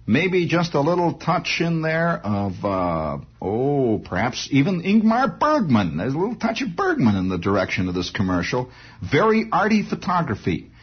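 A man doing a rambling comic monologue, animated, with restarts and vocal sound effects, on a dull lo-fi old recording. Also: on the high side, husky. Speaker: comedian.

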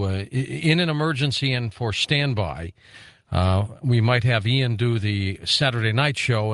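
A man's voice: on the low side, no room sound. A man hosting a late-night radio talk show from a studio microphone, prompting his guest with questions and announcing what comes after the break.

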